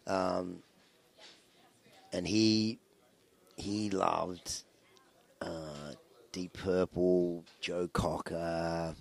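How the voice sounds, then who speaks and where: Male rock musician, very low voice, loose anecdotal interview talk full of fillers. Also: fairly even intonation, very slow, vocal fry, long pauses. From Australia. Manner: rambling, anecdotal, with many fillers and restarts. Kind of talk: casual interview storytelling.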